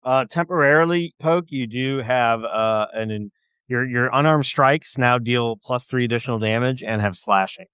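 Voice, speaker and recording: Game master, man, smooth resonant voice, dry close sound, casual and halting. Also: mid-range voice, fairly bright tone, no echo. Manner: hesitant, restarts, casual. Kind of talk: narrating a tabletop game.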